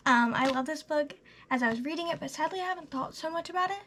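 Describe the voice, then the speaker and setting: Eighteen-year-old woman, book vlogger, high bright voice, gushing casual chat that drops into breathy half-whispers. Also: quick pace, slight background noise. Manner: gushing and chatty, full of "literally" and "like", trailing into soft half-whispers.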